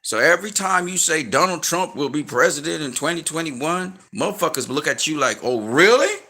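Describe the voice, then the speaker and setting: Male commentator, forceful slightly high voice, blunt profane rant, lecturing tone. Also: fairly quick, vocal fry. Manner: slangy and emphatic, grows heated and rises in pitch. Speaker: online commentator. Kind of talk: unscripted rant to viewers.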